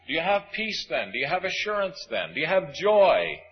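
Faint music plays beneath a dull, lo-fi recording of a man preaching at a moderate pace. His husky voice sweeps widely in pitch as he alternates between forceful emphasis on some phrases and hushed delivery on others.

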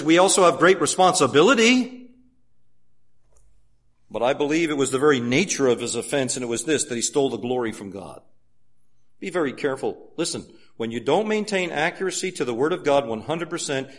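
Animated and fairly high-pitched, this preacher moves at a moderate pace, pressing his sermon with many rhetorical questions and shifting between loud exhortation and quiet asides.

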